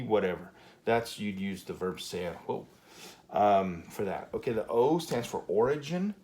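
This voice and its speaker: Low-voiced man teaching at a whiteboard. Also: moderate pace. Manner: relaxed, many fillers and okays. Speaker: Spanish teacher. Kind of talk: whiteboard grammar lesson.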